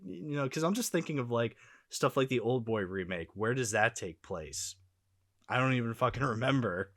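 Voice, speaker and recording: A man's voice: fairly low pitch, a bit bright, dry recording, studio quality. Easygoing man. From Boston, USA. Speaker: podcast co-host. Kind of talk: casual film-discussion chat.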